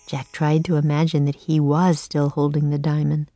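A woman narrating a children's chapter book in a calm, measured storytelling manner. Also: deep voice, faint music behind. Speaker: audiobook narrator. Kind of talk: scripted narration.

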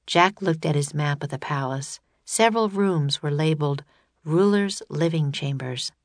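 A woman narrating a children's audiobook in a steady, measured reading voice. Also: low voice, dry recording.

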